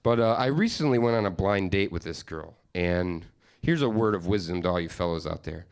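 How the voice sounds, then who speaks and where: A man's voice: low voice, lively intonation, fairly quick, vocal fry, clean tone. A man from Upstate New York performing a stand-up comedy set, telling profane, rambling stories with mock-exasperated asides. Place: comedy stage with live studio audience.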